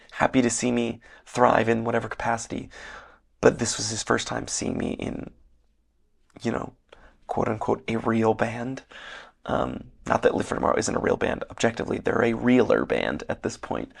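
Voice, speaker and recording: Hoarse, gravelly-voiced young man rambling. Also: medium pitch. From Northern Michigan. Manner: rambling, filler-heavy, earnest. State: losing his voice, slightly hoarse. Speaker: podcast host. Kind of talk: casual solo podcast monologue. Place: hotel room.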